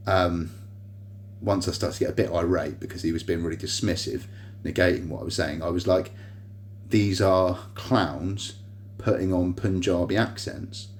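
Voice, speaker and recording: Man, low pitch, rambling vlog monologue, fillers and restarts, hospital room, phone mic. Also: a little hiss or hum. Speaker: vlogger recounting a personal grievance. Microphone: phone on a tripod.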